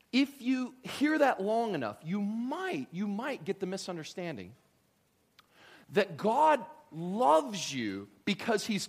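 A man preaching a sermon as pastor, joking and animated, swinging from loud lines to hushed ones. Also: high voice.

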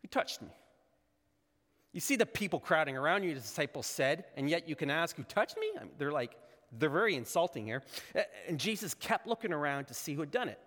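Animated preacher in a reverberant hall. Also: male voice, a little high, fast talker. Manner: animated, acts out quoted lines in character voices. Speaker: pastor. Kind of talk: sermon.

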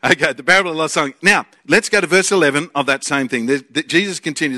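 Aussie preacher guy, bright higher voice, gets excited then goes quiet and jokey. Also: fast talker, hardly any pauses. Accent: Australian. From Australia. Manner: excitable, jokey, swings from loud bursts to quiet asides. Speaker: preacher and Bible college teacher. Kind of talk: sermon.

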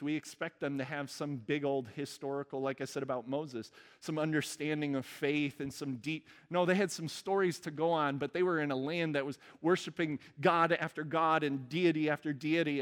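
A man's voice: on the high side, big-room sound. A male pastor delivering an earnest sermon and leading a prayer. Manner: earnest preaching, soft prayerful close.

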